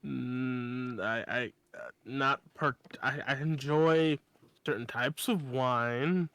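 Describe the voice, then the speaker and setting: A man playing a character in a tabletop game, answering in a hesitant, halting way. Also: medium pitch, fairly bright tone, smooth. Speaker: player.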